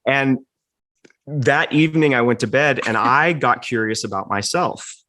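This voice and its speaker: A man's voice: medium pitch, unhurried. A middle-aged man, a podcast guest, candidly and reflectively telling a personal story in casual chat. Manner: candid, self-reflective, animated retelling.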